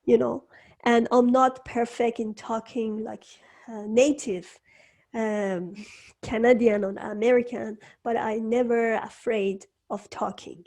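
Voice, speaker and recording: A woman hosting an interview from her home studio, speaking English as a second language, slow and halting, with frequent restarts. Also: a little high, steady tone, darkish tone. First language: not English. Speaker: host. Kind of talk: casual interview chat.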